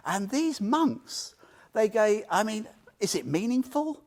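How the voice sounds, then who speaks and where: Lively, animated man teaching. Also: high voice, slow. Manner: animated storyteller, asks listeners questions, laughs often. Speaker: Buddhist teacher. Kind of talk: informal talk to a small group.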